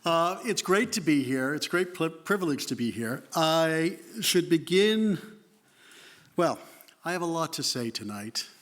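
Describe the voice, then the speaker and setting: Boston guy in his 50s giving a lecture, bit high voice, dry and jokey, keeps restarting. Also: big pitch swings, unhurried, a bit bright. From Boston, United States. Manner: wry, self-deprecating, conversational with restarts. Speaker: guest lecturer, history professor. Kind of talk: public lecture to an audience.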